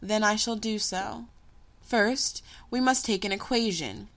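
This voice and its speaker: A woman reading a story, voicing a patient, wise, magical female teacher who teases gently. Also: mid-range voice, a little slow. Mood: patient, teasing. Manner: calm, gently teasing teacher.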